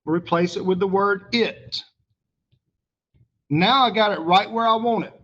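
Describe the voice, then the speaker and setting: A male teacher, patiently walking a class through a grammar lesson and pausing for their answers. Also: high-pitched, a bit bright, muffled recording. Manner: patient, asks the class questions and pauses for answers.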